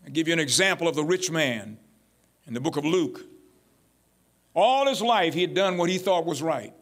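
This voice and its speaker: A pastor preaching a sermon, calling out to his congregation and building to shouts. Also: on the high side, expressive, normal speed. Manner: call-and-response preaching, rising to shouts.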